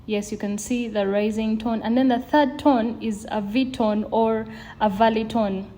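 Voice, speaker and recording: Slow, mellow-voiced woman teaching tones. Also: fairly high pitch, steady tone. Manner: slow, patient, drawn-out demonstrations of tones. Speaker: language teacher. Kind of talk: video lesson.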